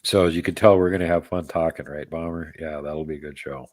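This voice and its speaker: A man's voice: very deep voice, fairly even intonation, quick pace, a little mellow, dry recording. A man hosting a live show in casual chat, rambling and joking as he answers viewers' comments by name. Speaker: podcast host.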